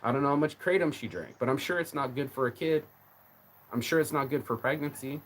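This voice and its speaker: A man's voice: mid-range voice, lively intonation, fairly quick, a bit bright. Rambling, profane man ranting on a livestream. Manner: rambling, profane, emotional, with many repeated words. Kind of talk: casual rant on a live stream.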